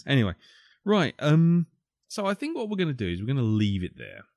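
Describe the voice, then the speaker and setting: A man's voice: medium pitch, huge pitch swings, brisk, gravelly, a little mellow, dry recording, clean studio sound. A man hosting a podcast, joking, swearing and teasing his co-hosts in casual banter. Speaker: podcast host.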